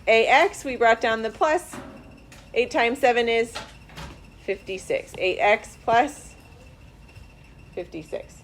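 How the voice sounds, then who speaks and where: A woman teaching math to a classroom, her voice sitting a little high. She talks students through each problem slowly and deliberately, step by step. A faint hum of noise runs underneath. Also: lively intonation. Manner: slow, deliberate step-by-step explaining. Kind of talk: classroom instruction.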